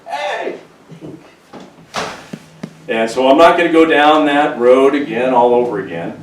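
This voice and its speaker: Joking pastor preaching in an echoey church. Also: male voice, mid-range voice, unhurried. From California. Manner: joking, conversational, animated storytelling. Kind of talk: humorous sermon. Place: church sanctuary. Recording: echoey church room, distant mic, faint hiss.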